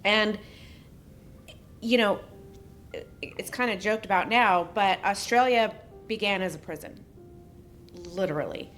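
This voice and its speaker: A woman's voice: medium pitch, measured pace, long pauses, fairly bright tone, soft background music. A woman co-hosting a casual podcast, reading a prepared story with joking asides. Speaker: podcast co-host.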